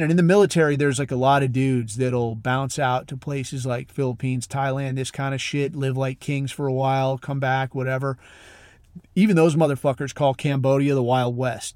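Clean studio audio captures a slightly high, somewhat mellow male voice with a dry sound. He hosts a podcast and, drawing on a background in military special operations, spins a lengthy, meandering story full of swearing and filler words in a blunt, casual way.

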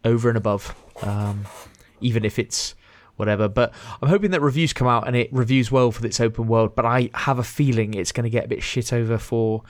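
A man's voice: mid-range voice, fairly quick, few pauses. A man co-hosting a gaming podcast, chatting casually and rambling with fillers and restarts. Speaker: podcast co-host. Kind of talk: casual chat.

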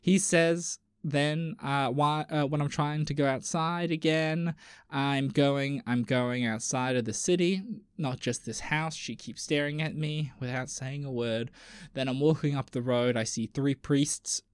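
A man streaming and reading online posts aloud, reacting with sudden loud exclamations and casual swearing. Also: medium pitch, fairly even intonation, a little slow, smooth, no room sound, clean studio sound. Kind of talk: casual chat with commentary.

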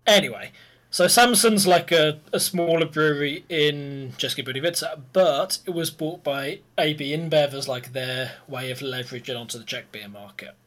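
A man hosting a history podcast, relaxed and quick to laugh as he walks through his points. His voice sits a little high for a man. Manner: easygoing, laughs often, explains step by step. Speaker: podcast host presenting history. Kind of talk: casual chat and history explanation.

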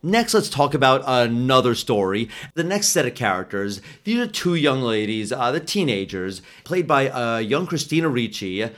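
A man's voice: mid-range voice, very animated, normal speed, hardly any pauses, fairly bright tone. A man co-hosting a casual podcast from an apartment, chatty and prone to restarting his sentences. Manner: chatty, with self-corrections. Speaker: podcast co-host. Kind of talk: casual chat. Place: apartment in New York.

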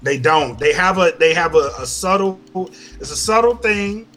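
A man hosting a casual podcast, ranting loudly with heavy swearing. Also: high-pitched, animated, moderate pace, faint music behind. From Louisiana. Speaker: podcast host. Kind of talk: casual chat.

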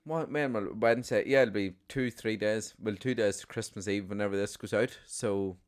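A man's voice: fairly low pitch, normal speed. A man co-hosting a podcast, chatting casually, telling jokes and swearing freely. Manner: storytelling, blunt, swears casually. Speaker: podcast co-host. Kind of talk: casual chat and joke-telling.

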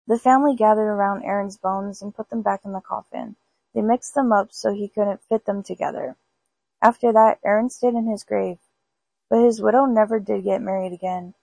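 A woman's voice: mid-range voice, steady tone, normal speed, gravelly, mellow, breathy edge, dry recording, rough recording. A woman hosting a podcast, reading spooky folk tales aloud in an unpolished amateur way with small stumbles. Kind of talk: storybook read-aloud.

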